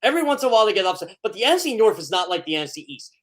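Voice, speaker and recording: A male sports writer appearing as a radio guest, talking in a chatty, opinionated way with quick asides to the host. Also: high voice, big pitch swings, a bit bright.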